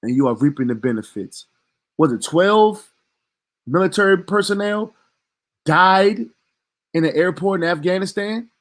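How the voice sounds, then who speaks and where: A man's voice: sits high, animated, a little slow, pauses often. A man delivering a heated commentary rant as a vlogger, talking in a profane, emphatic and indignant way.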